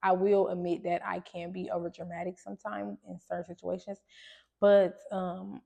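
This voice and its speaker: A woman's voice: fairly low pitch, flat delivery, normal speed, gravelly, warm tone. A woman, hosting a podcast and telling a personal story to listeners in a conversational way, full of fillers and restarts. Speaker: podcast host.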